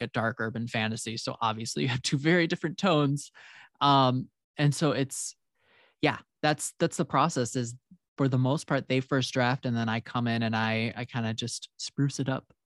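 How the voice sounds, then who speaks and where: A man talking casually about co-writing and editing, relaxed and hesitant, with many fillers and restarts. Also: mid-range voice, normal speed, dry recording, studio quality. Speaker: co-writer and editor. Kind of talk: casual podcast conversation.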